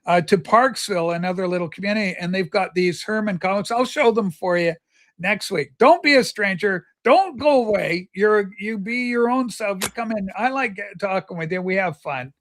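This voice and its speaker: A man with a notably high-pitched voice chats on a livestream. He tells stories with eager, rambling enthusiasm, talking straight to his viewers. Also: normal speed, a bit bright. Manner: chatty, enthusiastic storyteller. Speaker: livestream host. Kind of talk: casual chat.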